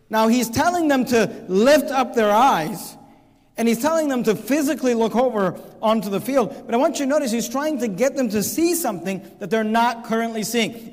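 A man's voice: high voice, a little mellow. A man preaching a sermon in an earnest, emphatic way, repeating key phrases as he explains a scripture. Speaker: pastor. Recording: long hall reverb.

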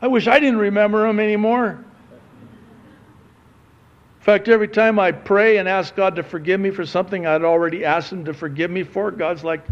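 A man, a pastor, preaching a conversational sermon that swings from soft, low asides to loud, emphatic questions. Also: fairly even intonation, brisk, dull audio.

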